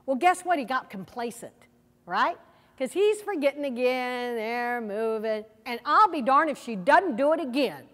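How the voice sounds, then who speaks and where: A woman with a high voice leads a workshop, quizzing her audience in a lively, engaging way. Her voice carries a long reverb from a large room. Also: moderate pace. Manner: lively, asks the audience questions. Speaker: seminar presenter. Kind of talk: teaching a workshop.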